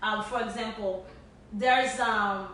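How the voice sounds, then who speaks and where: A woman's voice: medium pitch, fairly even intonation, slow, fairly bright tone. A woman co-hosting a casual podcast, speaking earnestly and with emphasis and often restarting her words. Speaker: podcast co-host. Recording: echoey room, distant mic, faint hiss.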